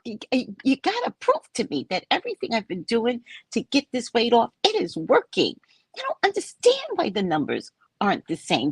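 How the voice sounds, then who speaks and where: Brief: lively storyteller woman, husky, swings her pitch widely, slips into whispery pleading. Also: dry recording. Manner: animated, acts out pleading in a whispery voice. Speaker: host and psychic reader. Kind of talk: casual storytelling to a live audience.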